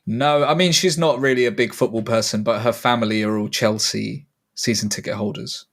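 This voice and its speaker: A man from the UK, a comedian guest on a podcast, chatting in a relaxed, easygoing way with hesitant restarts. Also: medium pitch, fairly quick. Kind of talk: casual podcast chat.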